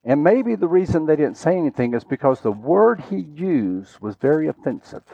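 A man preaching a sermon, telling a story dramatically and swinging from loud, urgent lines to hushed, quiet ones. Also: fairly high pitch, big pitch swings, normal speed, gravelly, lo-fi sound.

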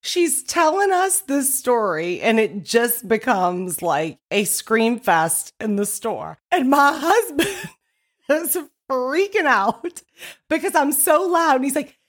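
A woman telling a story in a casual monologue, loud and animated, often laughing as she talks. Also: sits high, takes it slowly.

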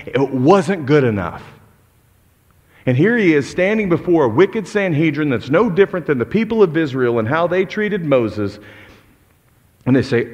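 Male pastor, gravelly voice, big swings in pitch, preaching in a reverberant hall. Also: dull audio. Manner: impassioned preaching, swinging from loud outbursts to low intense tones. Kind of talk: sermon.

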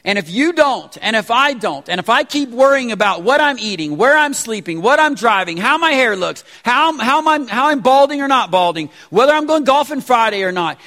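A pastor in his forties who preaches a sermon in a casual, animated way with slangy asides. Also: very high voice, normal speed, hardly any pauses. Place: church sanctuary. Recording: reverberant church hall.

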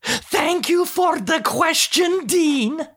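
A woman's voice: extremely high pitch, animated, very slow, heavily acted. A woman playing a sarcastic, teasing wife in a scripted comedy sketch, tossing off dry, mocking put-downs. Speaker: co-host of a comedy show.

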